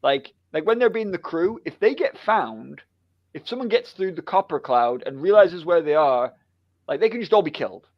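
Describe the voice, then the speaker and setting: A man co-hosting a casual book chat, an animated storyteller who laughs a lot and acts out the lines he quotes. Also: a little high, moderate pace, no room sound, highs cut off. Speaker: book club co-host.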